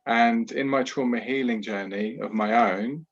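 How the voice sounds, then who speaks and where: A man, a podcast guest who talks candidly and at a measured pace about his own past, often adding "you know". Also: mid-range voice, lo-fi sound. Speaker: podcast guest, trauma healer. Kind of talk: reflective personal storytelling.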